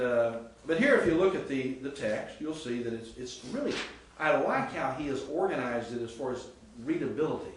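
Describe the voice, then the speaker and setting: A male Greek professor giving a chatty classroom lecture, quizzing his students and sounding out words. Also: medium pitch. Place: seminary classroom. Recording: echoey classroom, mic far off, faint hiss.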